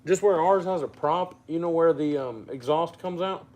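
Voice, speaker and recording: Relaxed man hosting a fishing stream. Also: a little high, normal speed. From Louisiana. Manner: relaxed, reads out and answers viewer comments. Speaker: fishing channel host. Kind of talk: casual livestream chat.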